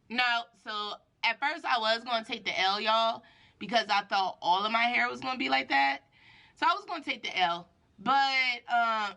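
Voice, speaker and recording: A woman's voice: fairly high pitch, creaky, bright, forceful tone. A young woman filming a hair vlog at home, talking chattily and expressively straight to her viewers. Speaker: hair tutorial vlogger. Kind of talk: chatty self-filmed vlog. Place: at home, indoors.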